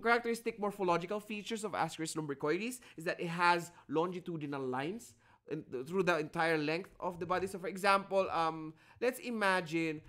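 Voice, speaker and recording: A man with a Filipino accent gives a lively lecture over a video call. He talks in a fairly high voice, mixes Tagalog and English, and teases his students as he goes. He sounds a little under the weather but still full of energy. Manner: Taglish code-switching, teasing and animated. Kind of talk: live online lecture.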